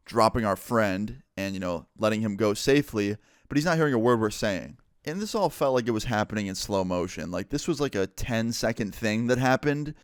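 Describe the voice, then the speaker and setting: A man's voice: fairly low pitch, no room sound, studio quality. A young man in a vlog, telling a personal story in a casual, filler-heavy way. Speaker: vlogger.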